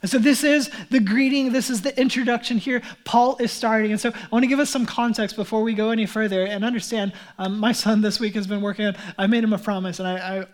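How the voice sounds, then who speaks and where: A male pastor preaching a casual, conversational sermon. He talks in an easygoing, chatty way, with plenty of fillers and restarts, and warmly calls the congregation beloved. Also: high voice, steady tone, fast, few pauses.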